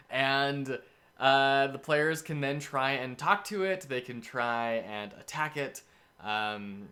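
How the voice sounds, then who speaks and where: A man's voice: mid-range voice, a bit bright. A man in casual game-prep talk, describing a scenario as game master with enthusiastic, rambling storytelling.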